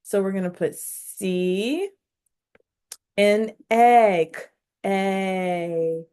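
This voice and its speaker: A woman leads a phonics lesson on video, taking her time and carefully sounding out each syllable. Her pitch sits in an ordinary middle range. She speaks straight to her learners and cheers them on. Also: a little mellow, clean tone. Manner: slow, instructive, sounding out syllables; encouraging, addresses learners directly. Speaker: teacher.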